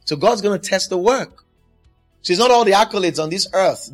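Preacher guy, kinda high voice, hammering points over and over, faint music under it. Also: a little fast. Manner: emphatic, repeats exhortations. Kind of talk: sermon.

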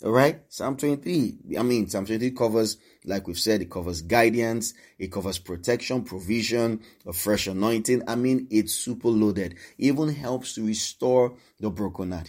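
Low-voiced preacher, emphatic sermon. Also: male voice, darkish tone. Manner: emphatic, repeats exhortations, shifts pace.

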